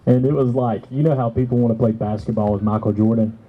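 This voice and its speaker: A man's voice: mid-range voice, steady tone, fast, narrow, tinny audio. A man chatting casually while speaking at an outdoor event. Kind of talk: casual chat at a talk.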